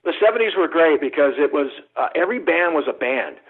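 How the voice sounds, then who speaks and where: Guest photographer, middle-aged man, husky and a bit high, tinny phone line, rambling storyteller. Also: lively intonation, fast talker. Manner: rambling, profane, acts out quoted dialogue. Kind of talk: casual storytelling. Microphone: phone call.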